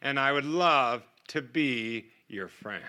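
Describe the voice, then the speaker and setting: A man voicing a softened, tearful male prison guard in a quiet, gentle way while preaching a sermon. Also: mid-range voice, lively intonation, slow pace, pitched below the performer's own voice.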